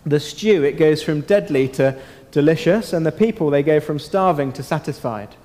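A man leading an interactive Bible talk for children, asking them questions and using dramatic pauses. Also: fairly high pitch, warm tone. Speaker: children's talk leader at church. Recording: long hall reverb.

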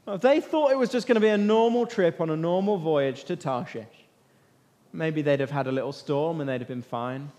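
A man with a high voice retells a Bible story to a gathered group, asking them questions as he goes. His talk rings with the long reverb of a big hall. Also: brisk. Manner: lively, questions the listeners and waits for answers. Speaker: preacher leading a Bible talk. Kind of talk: interactive Bible storytelling sermon.

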